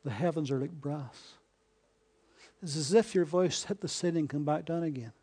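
A man preaching a sermon, asking his listeners rhetorical questions and swinging between hushed and emphatic delivery. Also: a little high, normal speed, breathy edge.

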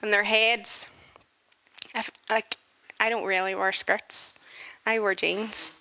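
Woman, lively storyteller, bright and fairly high voice. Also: slow pace, long pauses. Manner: animated, chatty, full of fillers. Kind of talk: humorous personal storytelling.

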